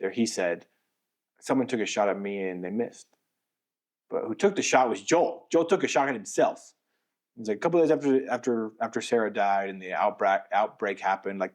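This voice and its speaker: Lower-voiced man retelling a story with animation. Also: fairly quick. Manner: animated retelling with acted-out quotes, frequent restarts. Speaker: podcast co-host. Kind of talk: casual podcast chat.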